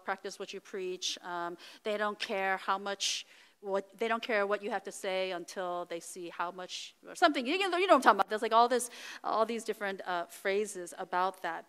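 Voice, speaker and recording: A woman's voice: a little high, fairly bright tone, clear, resonant tone. A middle-aged woman pastor giving a sermon in a chatty, storytelling way, full of fillers like "you know" and "right". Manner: conversational, anecdotal, many fillers. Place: church sanctuary. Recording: reverberant church hall.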